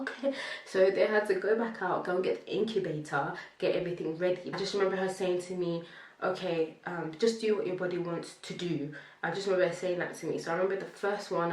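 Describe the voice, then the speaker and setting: A young woman recounts a personal story in a casual, animated way, her voice pitched a little low and set back from the mic. The room around her is echoey, adding a roomy ring to each phrase. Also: recorded from a distance. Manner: animated, acts out quotes, laughs between lines. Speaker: vlogger telling her birth story.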